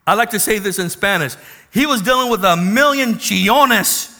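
Pastor guy preaching, high voice, real bright and sharp, gets loud then goes quiet. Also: moderate pace. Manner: animated preaching, reads scripture aloud, drops to soft intimate tones. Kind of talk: sermon.

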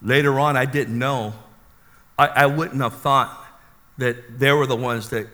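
A man preaching his own testimony as an animated, dramatic storyteller, with a long hall reverb around him. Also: mid-range voice.

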